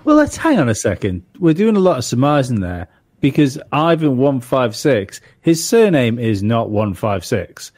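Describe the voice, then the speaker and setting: A man's voice: mid-range voice, sing-song, moderate pace, darkish tone, dry recording, clean studio sound. A man in a casual livestream chat who questions claims and pushes back. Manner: skeptical, questioning. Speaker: livestream co-host.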